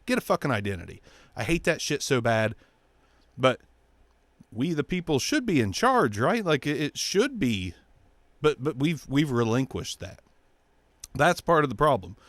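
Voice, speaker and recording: A man's voice: very animated, moderate pace, long pauses, a bit bright, no room sound. Blunt, profane man ranting animatedly. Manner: blunt, heavy swearing, mocking high-pitched impressions. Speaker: show host. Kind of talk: profane political rant.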